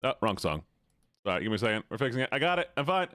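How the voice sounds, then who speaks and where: A man's voice: medium pitch, big pitch swings, racing, pushed and bright, dry recording, studio quality. A man live-streaming in a playful, joking way, sounding nasal and stuffed-up as he teases his chat. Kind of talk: casual live-stream chatter.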